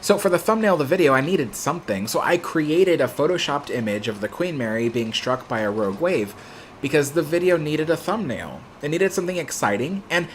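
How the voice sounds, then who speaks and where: A young adult man hosting a casual live stream, telling stories in an animated, expressive way. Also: fairly high pitch, brisk, slight background noise.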